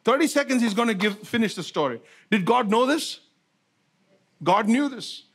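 High-voiced preaching man. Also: lively intonation, normal speed, fairly bright tone, breathy edge. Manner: repetitive, rhetorical questions to the congregation. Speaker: pastor. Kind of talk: sermon.

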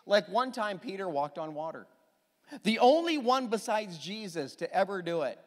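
A man preaching a sermon as pastor, emphatic and animated, with quick asides to the congregation. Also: high voice, big-room sound.

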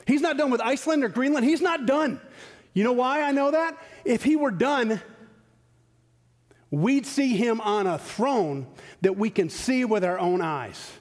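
A middle-aged man from West Michigan preaching a sermon as pastor, animated, firing rhetorical questions and dropping to quiet asides. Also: very high-pitched, unhurried. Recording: long reverb of a church hall.

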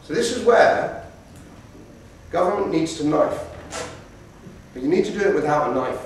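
A man's voice: on the high side, normal speed, a little hiss or hum. A man giving a debate lecture to students, telling stories and acting out quotes as he goes, recorded from a distance in a lecture room. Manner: animated storyteller, acts out quotes. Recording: roomy hall from a distance.

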